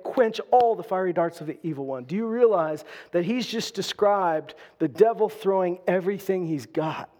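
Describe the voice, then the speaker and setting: A man with a high voice delivers a sermon. He drives hard in loud passages, then drops to quiet, low-spoken stretches. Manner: dynamic preaching, swings from loud bursts to quiet lows. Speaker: pastor.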